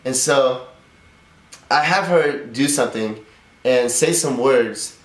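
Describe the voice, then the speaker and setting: A man's voice: medium pitch, slow. A man co-hosting a casual talk show, speaking openly and with loose, profane storytelling. His voice sits mid-range, and the recording carries a noticeable room echo. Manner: candid, profane, rambling storytelling. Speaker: podcast co-host. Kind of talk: casual conversation. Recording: roomy echo.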